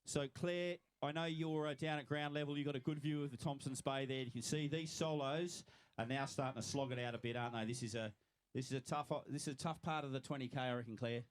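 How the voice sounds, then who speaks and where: A man's voice: medium pitch, steady tone, fast, clear, resonant tone, no room sound. Cheery Australian man commentating a finish. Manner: cheery, congratulating swimmers by name. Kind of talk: live event commentary.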